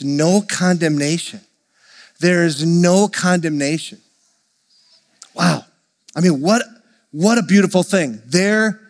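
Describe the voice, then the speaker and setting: Male pastor with a slightly high voice, preaching with lively conversational enthusiasm, long church-hall reverb. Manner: conversational, enthusiastic preaching with slow emphatic scripture reading. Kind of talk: sermon.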